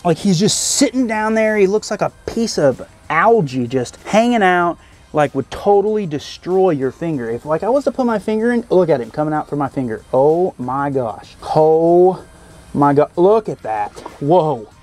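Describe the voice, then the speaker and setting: An excitable, chatty man with a slightly high voice tours a farm, cooing at the animals and talking to the camera. He is recorded outdoors on a small action camera. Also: normal speed, faint music behind. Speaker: vlog host. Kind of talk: casual touring vlog. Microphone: handheld action camera.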